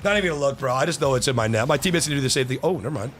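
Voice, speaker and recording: A young man streaming a car-soccer match, trash-talking opponents and yelling at his teammates. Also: medium pitch, animated, very fast, hardly any pauses, a little hiss or hum. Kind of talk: live gameplay commentary.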